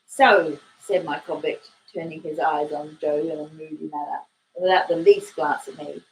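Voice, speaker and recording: A woman with an Australian accent, reading a classic novel aloud at an unhurried, expressive pace. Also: sits low, poor audio. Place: home in Ireland.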